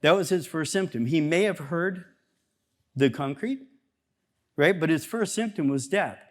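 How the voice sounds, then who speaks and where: A man speaking as a chiropractor at a seminar, talking to a live audience in an energetic, conversational way and acting out bits of dialogue. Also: on the high side, a little slow. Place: seminar room before an audience.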